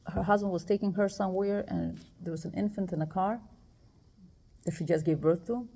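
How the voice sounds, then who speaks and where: Woman with a gravelly voice telling a personal story. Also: lowish voice. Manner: emotional, animated retelling with quoted dialogue. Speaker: speaker addressing women.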